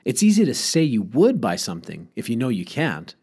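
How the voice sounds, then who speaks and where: A man's voice: medium pitch, huge pitch swings, brisk, a little mellow, husky, heavily acted. A man voicing a confident, pushy schoolboy who talks his friends into a scheme, in a storybook reading. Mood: scheming. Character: eager schoolboy pal, a bold schemer.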